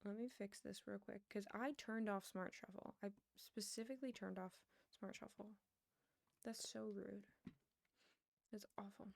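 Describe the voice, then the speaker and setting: A woman's voice: mid-range voice, steady tone, measured pace, gravelly, darkish tone, no room sound. A young woman streamer telling stories in casual chat while gaming, laughing often and muttering to herself as she plays. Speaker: livestreamer.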